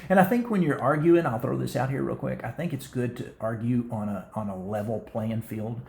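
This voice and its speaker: A man co-hosting a marriage advice show, talking fast and energetically with frequent restarts. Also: mid-range voice, vocal fry, darkish tone, reverberant, a little hiss or hum. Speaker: co-host of a marriage talk show. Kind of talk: casual advice talk.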